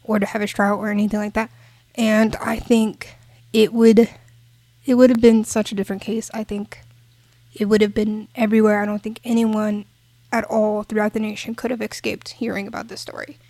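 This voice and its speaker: A woman's voice: mid-range voice, flat delivery, moderate pace, mellow, dry recording. A woman co-hosting a podcast, talking in a casual, emphatic and impassioned way. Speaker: podcast co-host.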